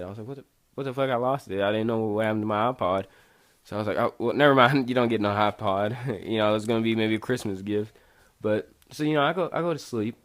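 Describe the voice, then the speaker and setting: Young man rambling through a storytime. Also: on the low side. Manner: rambling and profane, acts out quotes, laughs at himself. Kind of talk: casual storytime.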